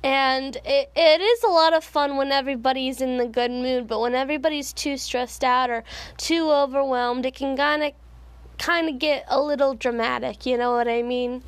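A high-pitched woman hosts a casual solo podcast and talks in a chatty, personal, rambling way. Her voice sits close and dry on the mic, with no room sound around it. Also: fairly even intonation, normal speed, no echo. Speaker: podcast host.

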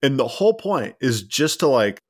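On a casual history podcast, a male co-host speaks at a moderate pace with a medium pitch and big swings in intonation. His talk is meandering and filler-heavy, with restarts and laughter at ironies, recorded in clean studio sound without room noise.

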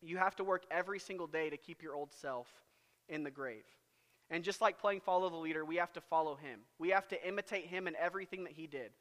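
A man's voice: fairly high pitch, quick pace, a bit bright, big-room sound. A young man preaching a sermon in a church, earnest, often repeating words as he begins a phrase. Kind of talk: sermon with an invitation. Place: church sanctuary.

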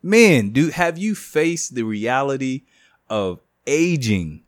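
A man's voice: mid-range voice, very animated, slow pace, no room sound, studio quality. A man in his late thirties hosting a podcast in a laid-back, joking way, talking plainly about faith and family. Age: 30s. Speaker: podcast host. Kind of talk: casual chat.

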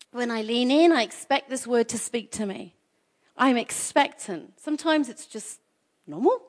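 A woman preaching a sermon in an energetic, conversational way, repeating phrases for emphasis. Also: high voice.

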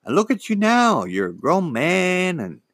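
A man's voice: high voice, wildly swooping pitch, a little slow, a bit bright, dry recording, studio quality, voice pushed up, full character voice. A man voicing his friend's father, a pushy, overly familiar older man who soothes falsely and stammers. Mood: coaxing.

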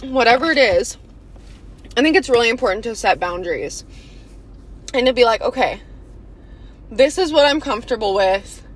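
A woman's voice: on the high side, expressive, normal speed, long pauses. A woman hosting a podcast in candid, casual chat, slightly out of breath and often saying "y'all". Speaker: podcast host.

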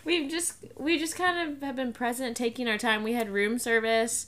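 A woman's voice: on the high side, fairly even intonation, normal speed, fairly bright tone. A young woman co-hosting a podcast, chatting casually and teasing her co-host. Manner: chatty, teasing, reacts with short agreements. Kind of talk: casual chat.

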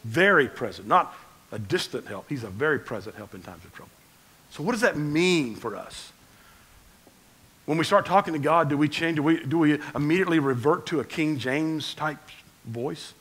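A man preaching a conversational sermon as pastor, swinging between loud emphasis and quiet asides. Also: on the high side, lively intonation, normal speed, husky, low-quality recording.

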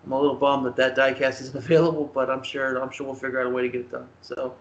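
A man co-hosting a casual sports podcast, talking in an earnest, halting way with many restarts. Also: medium pitch, level tone, dull audio, a little hiss or hum. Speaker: podcast co-host. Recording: roomy echoey sound.

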